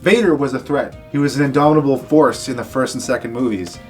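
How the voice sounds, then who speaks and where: Casting: mid-pitched male co-host, blunt wry reviewer, light music underneath. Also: fast. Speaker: podcast co-host. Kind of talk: casual episode review.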